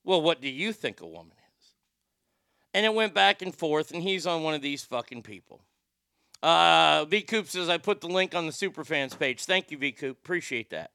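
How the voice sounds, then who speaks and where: Gravelly, bright-voiced livestream host man. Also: on the high side, expressive, normal speed, dry recording, clean studio sound. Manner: rambling and profane, with frequent restarts. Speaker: livestream host reading viewer chat. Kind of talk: casual livestream chat.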